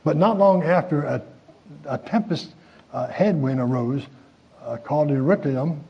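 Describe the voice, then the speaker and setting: A man preaching a sermon in a folksy, chuckling way, with many pauses and fillers. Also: on the high side, gravelly, husky, lo-fi sound.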